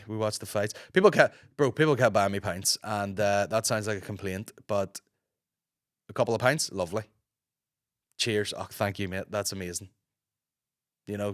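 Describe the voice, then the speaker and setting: A Northern Irish man in his thirties, a podcast host with a hoarse, gruff voice, telling rambling stories in casual chat, swearing freely. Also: lowish voice, a bit bright, no room sound, studio quality. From Northern Ireland. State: hoarse from a sore throat.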